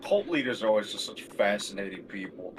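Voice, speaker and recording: A man's voice: on the low side, expressive, background noise. A young man streaming, chatting casually in a profane, sarcastic way. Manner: profane, sarcastic, quick to swear.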